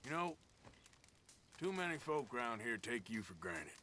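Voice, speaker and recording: An actor playing a gruff, weary outlaw who talks in a dry, laconic way. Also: male voice, medium pitch, big pitch swings, moderate pace, bright, forceful tone, a little hiss or hum. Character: gruff weary outlaw man in his thirties.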